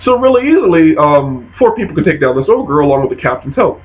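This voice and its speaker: A man casually telling a funny story from a tabletop game session, jumping into quoted voices with animated bursts. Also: a little high, quick pace, a little hiss or hum. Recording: dull lo-fi sound.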